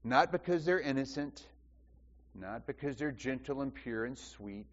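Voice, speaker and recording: A man preaches a little slowly in an animated, mid-range voice, asking the congregation questions and repeating lines for emphasis. He is a pastor, and the sound is dull with long reverb from the hall.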